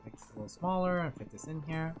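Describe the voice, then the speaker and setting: A woman chats casually on a livestream while she draws, rambling and thinking aloud as she answers chat. Her voice sits low but moves in a lively way. Soft music plays faintly behind her. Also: fast. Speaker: vtuber streamer.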